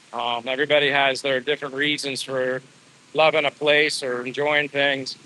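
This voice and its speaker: A man's voice: medium pitch, flat delivery, normal speed, pushed and bright, slight background noise, rough recording. A man in his fifties from the USA, chatting casually in a live stream while out walking, friendly and rambling with lots of fillers. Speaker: vlogger. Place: outdoors on a walk. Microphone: phone at arm's length.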